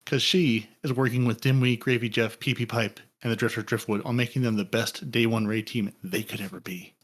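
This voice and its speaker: A man hosts a casual gaming podcast and wanders from one joke to the next. His voice sits at a plain middle pitch, and his delivery is loose and playful. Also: steady tone, fairly quick. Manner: rambling, playful, jokey asides. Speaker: podcast host. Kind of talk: casual chat, thanking patrons.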